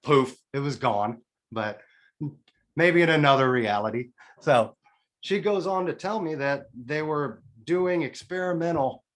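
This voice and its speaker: A man's voice: on the high side, a bit bright. A man in his forties, a podcast guest telling a personal story in a candid, emotional way, with casual swearing and restarts. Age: 40s.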